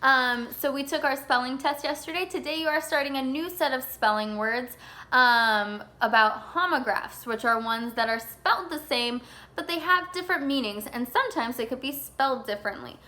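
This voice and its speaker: Casual young woman teacher, slightly high. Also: sharp tone. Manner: casual, filler-heavy, slows to spell things out. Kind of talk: recorded class lesson.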